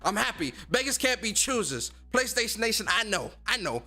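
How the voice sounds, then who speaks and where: A man's voice: high-pitched, big pitch swings, brisk, few pauses, pushed and bright, faint music behind. A man hosting a casual gaming livestream, speaking in loose slang and getting fired up as he talks straight to his chat. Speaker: gaming streamer and podcast host.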